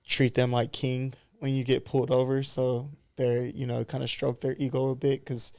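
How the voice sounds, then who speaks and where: A barber in his thirties guests on a podcast, talking in a candid, loose, reflective way for a casual conversation. His voice is medium-pitched, monotone and a little mellow, at a moderate pace, with no room sound.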